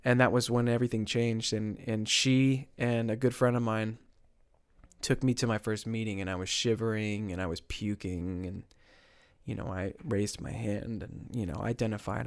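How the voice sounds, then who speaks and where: Earnest young man, smooth dry voice. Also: lowish voice, steady tone, dry recording. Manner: earnest, halting, many restarts and repeated words. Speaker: podcast guest. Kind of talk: candid recovery story.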